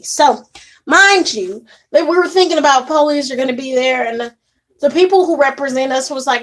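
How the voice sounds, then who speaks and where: A young woman casually telling an indignant story to camera, animated and quick to act out what others said. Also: high voice. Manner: animated, indignant retelling with acted quotes. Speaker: vlogger.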